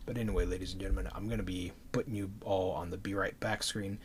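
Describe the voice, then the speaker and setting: A man's voice: deep voice, fairly even intonation, fast talker, few pauses, a little hiss or hum. A man streaming to his audience, talking passionately off the cuff with many fillers and restarts, audibly out of breath.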